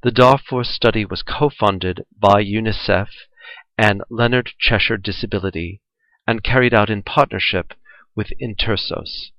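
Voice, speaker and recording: A man with a fairly low voice reads a research report aloud in a measured, formal, even manner. The recording is dull and lo-fi, with a dry, close sound and no room echo. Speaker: reader of a report. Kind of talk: scripted reading of a research article.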